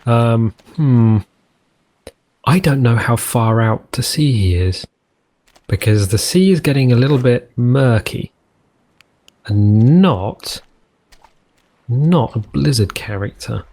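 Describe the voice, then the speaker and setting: A man hosts a survival game let's play, talking through it in a rambling, jokey way. He often stops mid-sentence to correct himself. His voice sits in an ordinary middle pitch. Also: a little mellow. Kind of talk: gameplay commentary.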